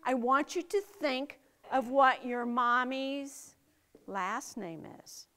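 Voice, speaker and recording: This middle-aged woman has a high, sharp-toned voice. She goes over safety rules with small children, talking slowly and with emphasis while asking them question after question.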